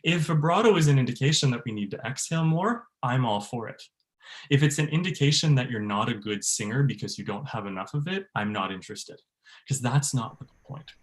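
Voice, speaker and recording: A man, a bass-baritone voice teacher, leading an online workshop for choir singers, laughing often and demonstrating sounds. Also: expressive, a little fast. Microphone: video call.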